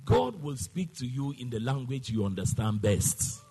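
A man's voice: medium pitch, sing-song, moderate pace, mellow, slightly rough, long reverb tail. A man preaching a sermon, emphatic and call-and-response, sometimes half-singing his exclamations.

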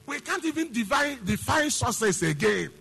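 Animated pastor preaching. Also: male voice, extremely high pitch, moderate pace, gravelly, breathy edge. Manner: emphatic preaching with repeated phrases and rhetorical questions. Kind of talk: sermon.

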